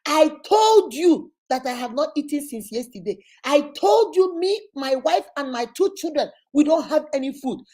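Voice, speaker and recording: Woman voicing a reproachful, hungry Nigerian man, high and whiny. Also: animated, moderate pace, few pauses, dark tone. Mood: aggrieved. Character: hungry pleading male follower, aggrieved and accusing.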